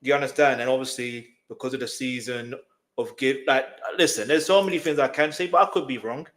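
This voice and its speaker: A man chatting casually on a reaction show, pressing his point by repeating it. His voice sits at an ordinary middle pitch. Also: a little fast, a bit bright. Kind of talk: casual chat.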